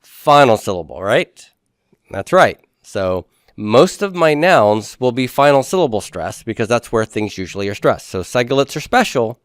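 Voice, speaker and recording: A man's voice: medium pitch, animated, moderate pace, smooth, no room sound, studio quality. A man teaching a Hebrew grammar class, explaining step by step and putting questions to the class before answering them himself. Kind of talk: classroom lecture.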